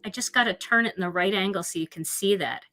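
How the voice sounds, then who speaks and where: A woman's voice: medium pitch, fast, bright, forceful tone, faint music behind. A woman hosting a live card-making demonstration, chatty and gushing with enthusiasm as she works.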